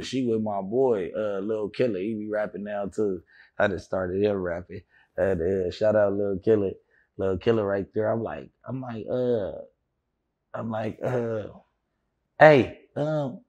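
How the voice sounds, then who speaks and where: A man being interviewed, telling a story in an animated way with heavy slang, acting out what others said. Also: medium pitch, normal speed, highs cut off. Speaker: interview guest.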